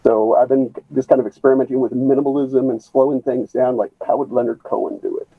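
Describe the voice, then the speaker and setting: A man calling in over a video call, talking in a rambling, halting way with many restarts. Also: medium pitch, steady tone, vocal fry, breathy edge, no room sound. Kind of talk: rambling casual chat. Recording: tinny phone-like call line.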